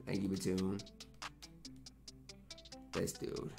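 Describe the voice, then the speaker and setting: Over music, a gaming YouTuber narrates his basketball video game match as he plays, venting his frustration and talking to himself between plays. He is a young man with a low, creaky, monotone voice and a very slow delivery.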